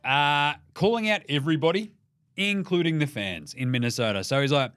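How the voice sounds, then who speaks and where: A man's voice: on the high side, expressive, brisk, fairly bright tone, clean tone, no echo, studio quality. A young Australian man hosting a casual basketball podcast, irreverent and sweary, joking through the day's results. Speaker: NBA podcast host. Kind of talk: casual sports commentary.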